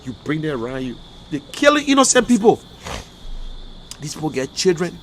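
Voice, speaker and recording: Fiery, emotional livestream commentary comes from a Liberian man with a Liberian English accent who hosts an online talk show full of repeated outbursts. His fairly high voice is very animated at a moderate pace, with a little hiss or hum in the audio.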